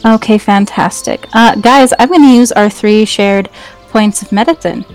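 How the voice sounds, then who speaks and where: A woman plays a tabletop game, talking casually as she coordinates her group's actions. Her pitch sits in a middle range. Faint music plays in the background. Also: moderate pace, darkish tone, low-quality recording. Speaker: player.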